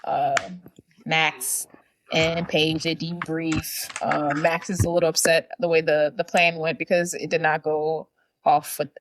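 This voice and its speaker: A woman's voice: deep voice, level tone, unhurried, no room sound. A young adult woman co-hosting a podcast, chattily retelling a movie plot and acting out the characters' lines. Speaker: podcast co-host. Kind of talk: casual movie recap.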